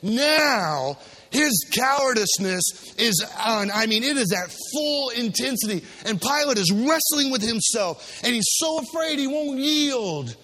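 Emphatic high-voiced male preacher. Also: sing-song, unhurried, bright, forceful tone. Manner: call-and-response, emphatic, dropping low for gravity. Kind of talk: sermon with scripture reading. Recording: long hall reverb.

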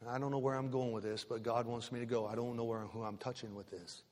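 A male pastor preaching with emphatic repetition, putting pointed questions to his congregation. His voice sits at a middle pitch and rings through a large hall. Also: steady tone, quick pace, a little mellow. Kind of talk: sermon. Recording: reverberant church hall.

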